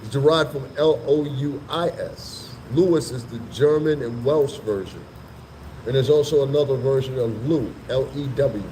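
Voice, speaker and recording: A man's voice: medium pitch, moderate pace, dark tone, a little hiss or hum, rough recording. A man vlogging in a casual, rambling storytelling monologue that is profane and full of asides. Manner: profane, rambling, laughs between remarks.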